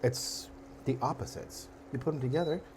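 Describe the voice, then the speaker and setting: A man's voice: mid-range voice, normal speed. Playful, jokey man cooking on camera. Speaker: host and cook. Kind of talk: casual cooking show talk. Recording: audible background noise.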